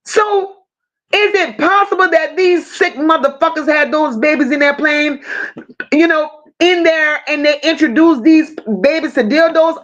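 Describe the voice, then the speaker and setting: Her voice sits high and a bit bright, on dull-sounding audio, as she hosts a casual true crime livestream. She recounts the case bluntly and emotionally, cursing freely and speaking straight to her viewers.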